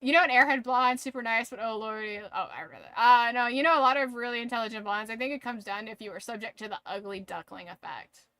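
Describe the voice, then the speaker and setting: A high-pitched woman with a bright, sharp tone tells a story to her stream in a dry, close sound. She giggles often, swears freely and keeps saying "like". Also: fast, few pauses, no echo. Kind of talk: casual storytelling to a live stream.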